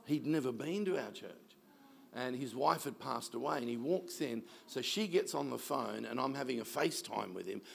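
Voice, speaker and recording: Gravelly pastor in his sixties. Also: mid-range voice, normal speed, a little hiss or hum. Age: 60s. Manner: animated storyteller, mimics people he quotes. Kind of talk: sermon storytelling.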